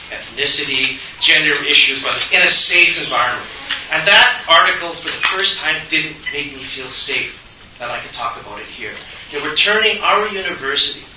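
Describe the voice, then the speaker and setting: A middle-aged man, a panelist at a university forum, talking in an animated, joking, conversational way. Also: on the high side, far from the mic. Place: university lecture hall. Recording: echoey hall from afar, faint hiss.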